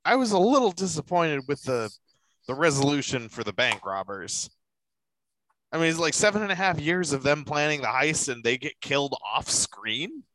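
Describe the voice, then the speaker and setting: A man's voice: on the high side, expressive, moderate pace, fairly bright tone, no room sound, low-quality recording. A man in improvised comedy banter who gripes with wry, opinionated remarks.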